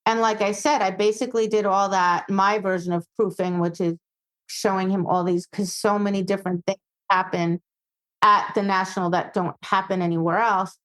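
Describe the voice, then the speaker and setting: A woman dog obedience trainer, a guest on a casual podcast, telling animated stories and acting out quoted voices. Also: mid-range voice, normal speed, poor audio.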